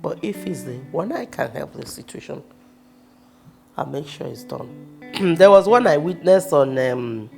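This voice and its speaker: A Nigerian actress telling personal stories in a casual, expressive way, with sudden loud bursts. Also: female voice, low voice, measured pace, gravelly. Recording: music playing behind the voice.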